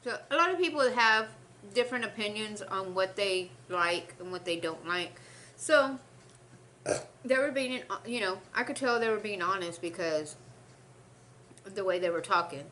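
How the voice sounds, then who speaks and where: A woman's voice: mid-range voice, lively intonation, normal speed, bright, forceful tone, a little hiss or hum. A young woman, rambling through a story between bites on her eating show. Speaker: mukbang host. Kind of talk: casual eating-show chat.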